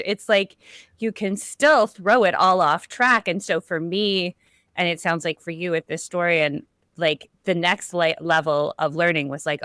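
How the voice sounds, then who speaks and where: A woman's voice: lowish voice, steady tone, unhurried, a bit bright, clear, resonant tone, no room sound, clean studio sound. A woman hosting a podcast conversation, talking casually with plenty of fillers and restarts. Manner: chatty, lots of fillers and restarts. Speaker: podcast host.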